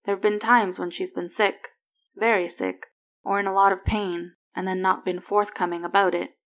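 A woman's voice: mid-range voice, flat delivery, moderate pace, close to an everyday voice. A woman voicing a protective, earnest expectant father in a story reading.

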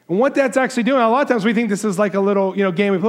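A man's voice: sits high, quick pace, few pauses. A man preaching a Christmas sermon, talking with the children in the congregation and asking them questions. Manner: warm, conversational preaching, walks into the crowd asking kids questions. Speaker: pastor.

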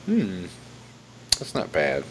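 Slow, low-voiced man in crude banter. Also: huge pitch swings. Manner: crude, laughs often, swears freely. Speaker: co-host of casual drinking chat. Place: home with a baby. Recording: noisy home recording.

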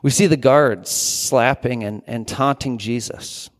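A man preaching a sermon in a relaxed, conversational tone, with fillers and false starts. His voice sits in a middle range. A long reverb lingers behind him, as in a large hall. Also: medium pitch, unhurried. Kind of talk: sermon with scripture reading.

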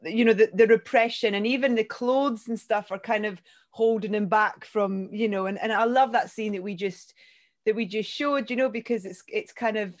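A woman's voice: mid-range voice, fairly even intonation, moderate pace. A woman interviewing actors, asking long, meandering questions full of restarts. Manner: warm rambling questions with many restarts. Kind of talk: casual interview.

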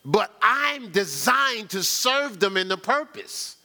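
A man's voice: sits high, expressive, takes it slowly, creaky, pushed and bright. A man preaching a conversational sermon, telling stories in a folksy, chatty way and often repeating himself. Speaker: pastor. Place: church sanctuary.

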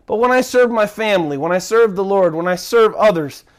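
A man's voice: high-pitched, lively intonation, brisk. A man preaching a sermon as pastor, earnest, often repeating and restarting his words.

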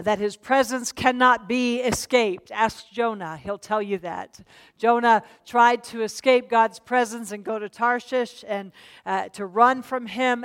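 A woman teaching scripture to a congregation in an easy, conversational manner. Her voice sits a little higher than most, and she asks listeners to join in and read. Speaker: Bible teacher. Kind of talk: church Bible teaching. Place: church meeting.

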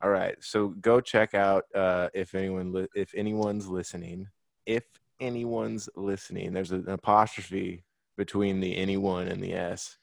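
A man's voice: deep voice, flat delivery, measured pace, vocal fry, dry recording. A young man co-hosting a podcast in casual, blunt banter with plenty of swearing. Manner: blunt, swearing, laid-back. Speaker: podcast co-host.

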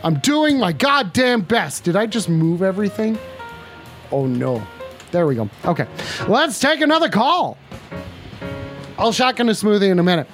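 An excitable man hosts a comedic live-stream call-in bit, his voice high and swooping wildly up and down. He rattles off profane, flustered outbursts over faint background music. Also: moderate pace, pauses often. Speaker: streamer hosting a mock call-in show.

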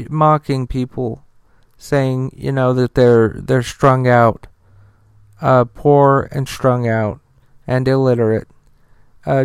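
Brief: male podcast host, slow and halting, very clear, dry close sound, swears in his asides. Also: mid-range voice, no echo. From Utah. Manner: reads news quotes, then breaks into profane outraged asides; halting, with many uh fillers and repeated words. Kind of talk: casual news commentary.

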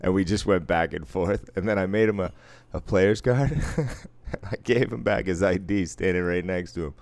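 A man's voice: low voice, normal speed, darkish tone, no room sound. A man from Boston co-hosting a podcast, telling teasing stories in casual chat. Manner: teasing storyteller.

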